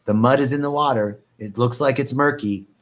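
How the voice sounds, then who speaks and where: A man speaks slowly and thoughtfully, guiding listeners through a meditation talk. He repeats phrases in a calm rhythm and sometimes jumps higher to mimic a panicked inner voice. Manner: calm, reflective, repeats phrases, swings into animated mock panic. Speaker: meditation teacher. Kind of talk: spoken meditation talk on a live stream.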